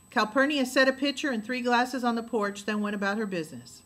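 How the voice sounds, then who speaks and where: A woman reading a novel aloud, with steady storytelling and lowered dialogue tags. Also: fairly quick. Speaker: narrator.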